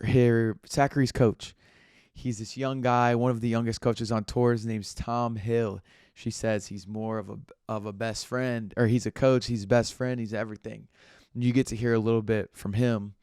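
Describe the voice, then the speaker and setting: A man's voice: fairly low pitch, a little mellow, smooth, no room sound, clean studio sound. A young man chatting casually on his own, rambling and correcting himself as he talks. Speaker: podcast host. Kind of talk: casual solo commentary.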